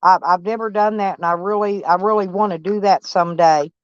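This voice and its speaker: A woman's voice: medium pitch, steady tone, brisk, clean tone, dry recording, muffled recording. A woman chatting casually to her viewers from her van, folksy and blunt, swearing freely. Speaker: van life vlogger. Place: van or camper, indoors.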